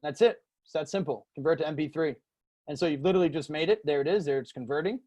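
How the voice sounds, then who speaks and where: A man hosting a casual screen-share software tutorial, loose and rambling, full of fillers. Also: fairly high pitch, fast talker.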